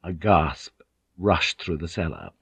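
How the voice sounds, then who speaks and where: A man reading a novel aloud in measured, tense scripted narration. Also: sits low, animated, vocal fry, breathy edge, no echo. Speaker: audiobook narrator.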